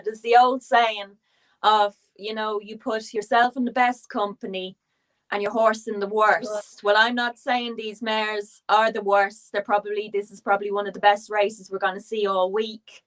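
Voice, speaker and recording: A woman's voice: medium pitch, flat delivery, moderate pace. A woman on a racing panel, speaking emotionally and pleading for her favourite horse. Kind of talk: passionate casual chat.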